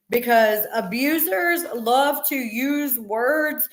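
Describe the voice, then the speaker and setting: A woman's voice: fairly high pitch, slow, a bit bright. A middle-aged woman hosting a casual live stream, talking earnestly and emphatically with many fillers. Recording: roomy echo.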